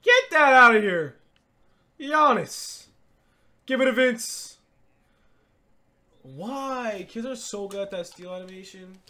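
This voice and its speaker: This male gaming creator narrates his play live with lots of excitement, dropping to mumbles then bursting into yells, catchphrases on repeat. His pace is slow, broken by long pauses.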